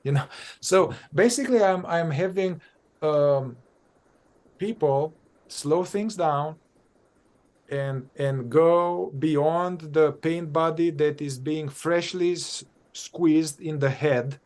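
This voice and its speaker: A man who works as a psychotherapist, talking through his methods in conversation, animated and thinking aloud, often repeating and restarting phrases. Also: fairly high pitch, slow. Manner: animated, acts out exchanges with clients. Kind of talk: conversational dialogue on spiritual practice.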